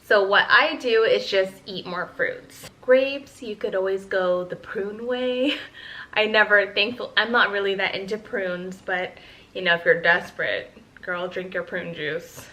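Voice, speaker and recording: Chatty bright-voiced mom vlogger. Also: female voice, medium pitch, measured pace, poor audio. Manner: chatty, candid, talks straight to viewers. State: pregnant. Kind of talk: casual Q&A update.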